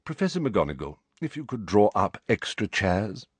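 A man reading aloud and voicing an old male headmaster wizard who speaks quietly, calmly and in measured tones. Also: fairly low pitch, slightly rough, no echo.

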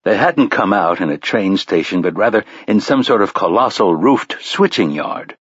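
Low, husky male audiobook narrator. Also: animated, dry recording. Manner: measured storytelling. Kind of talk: scripted narration. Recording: slightly dull lo-fi recording.

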